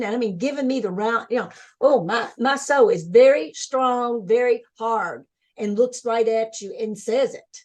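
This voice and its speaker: A fairly high-voiced woman shares her spiritual journey over a video call, eager and effusive. Her sentences tumble out in bursts and restarts, full of wonder and conviction. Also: normal speed, darkish tone. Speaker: guest speaker. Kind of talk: excited personal storytelling.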